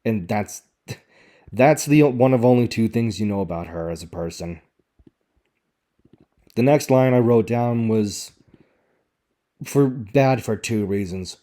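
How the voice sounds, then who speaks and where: A man's voice: fairly low pitch, expressive, unhurried, long pauses, dark tone. A man giving sarcastic, exasperated commentary as he picks apart a show's dialogue. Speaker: video reviewer. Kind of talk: critical commentary on show dialogue.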